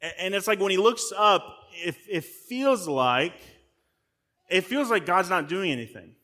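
The man's voice sits high and sounds animated and sharp, though his pace is a little slow. Serving as guest pastor, he preaches conversationally to his listeners directly, often restarting and repeating words.

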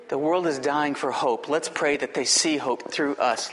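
A man pastor delivering an impassioned sermon, slowing down for emphasis and dropping to a hushed tone in prayer. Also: on the high side, fairly even intonation. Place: church sanctuary. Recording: echoey hall, faint noise.

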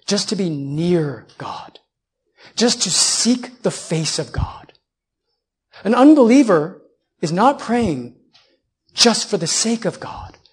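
Putting rhetorical questions to his congregation and leaning on repeated phrases, a man in his thirties preaches as a pastor. His voice is high with a breathy edge.

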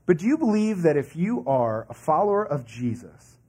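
A man's voice: on the high side, sing-song, moderate pace, a little mellow, husky. A man preaching a sermon as a pastor in a conversational way, with asides and laughs.

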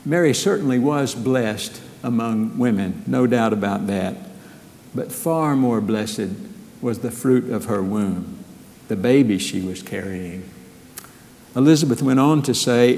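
A man preaches in earnest, measured phrases, leaning on rhetorical questions. His voice is mellow and unhurried. Long reverb from a church sanctuary trails every line. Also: mid-range voice, expressive. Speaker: pastor. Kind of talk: sermon.

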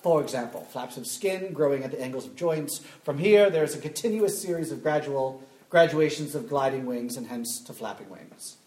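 A man reading a passage aloud in a put-on, deliberately awful English accent. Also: medium pitch, expressive, darkish tone, natural voice. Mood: mock formal. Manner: deliberately clumsy, overdone reading. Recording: echoey room.

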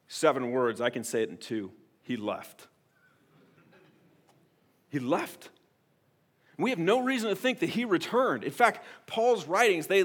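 A man preaching a sermon as a pastor. He speaks earnestly and directly to his congregation, moving between hushed, intimate appeals and loud, emphatic declarations. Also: high-pitched, husky.

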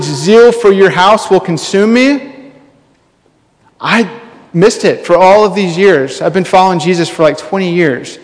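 Male pastor, high-pitched, casual storytelling sermon delivery, heavy hall reverb. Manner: casual, storytelling, many fillers. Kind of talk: conversational sermon.

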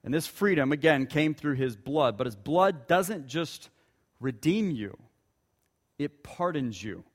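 A man preaching a sermon as pastor, emphatic, slowing down and dropping his voice low on key words. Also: big-room sound.

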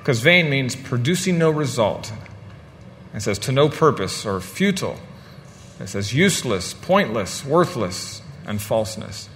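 A man's voice: medium pitch, a bit bright, big-room sound, a little hiss or hum. A man giving a sermon in a lighthearted, storytelling way, often repeating words as he finds his place. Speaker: guest preacher.

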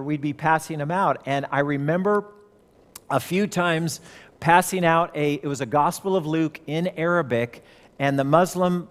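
A man's voice: a little high, in a large hall. A middle-aged man preaching a sermon, telling a story in a conversational, earnest way with frequent restarts.

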